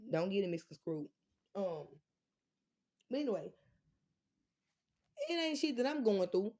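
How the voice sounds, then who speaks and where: A woman with a mellow, warm voice talks straight to her viewers from home. Her talk is loose and unscripted, full of blunt swearing, and it wanders from one thought to the next. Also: mid-range voice. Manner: blunt, profane, rambling, speaks straight to viewers. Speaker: vlogger talking to viewers. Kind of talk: casual unscripted livestream chat.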